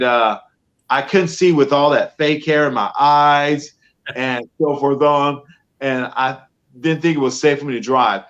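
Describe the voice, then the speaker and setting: A man's voice: medium pitch, muffled recording. A man telling stories in an interview over a video call, acting out what people said. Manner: animated storyteller acting out quotes. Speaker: professional Santa guest. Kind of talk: storytelling interview answers. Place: home studio.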